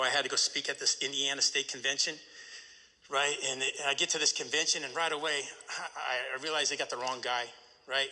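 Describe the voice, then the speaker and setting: A man speaking at a recovery meeting, telling a personal story in an animated way and often asking "right?". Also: medium pitch, long reverb tail.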